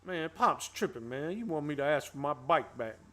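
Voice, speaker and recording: A man's voice: a little high, lively intonation, normal speed, a bit bright. A man doing a rowdy comedy-film bike squabble. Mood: bickering. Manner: exaggerated street-slang movie impression. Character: two bickering young men from a comedy film.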